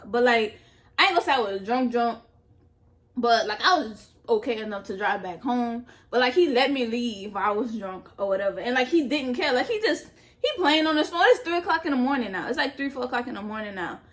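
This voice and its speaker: Young woman vlogger, a little high-pitched, slangy and candid storytime with food. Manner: candid, animated, slangy, laughs at herself. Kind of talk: casual storytime while eating.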